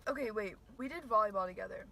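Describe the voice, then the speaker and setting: A woman's voice: mid-range voice, fast talker, creaky, bright, forceful tone, a little hiss or hum. A young woman hosting a casual chat vlog from a local restaurant, telling stories with lots of laughing. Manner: chatty, laughing storyteller. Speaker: vlogger host.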